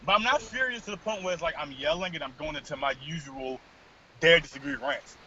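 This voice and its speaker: A man co-hosting a podcast, telling a story in casual chat, cursing freely and animated. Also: a little high, fairly quick, slight background noise. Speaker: podcast co-host. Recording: dull lo-fi podcast recording.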